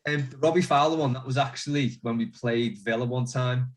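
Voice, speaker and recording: A man's voice: mid-range voice, a little fast. Bantering man hosting a casual podcast. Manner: joking, banter-filled. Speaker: podcast host. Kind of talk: casual chat.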